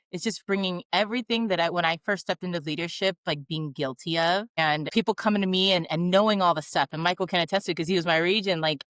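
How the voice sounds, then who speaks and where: Low-voiced woman hosting, hesitant. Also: a bit bright, no room sound. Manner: hesitant with many fillers. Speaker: host. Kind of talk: conversational interview.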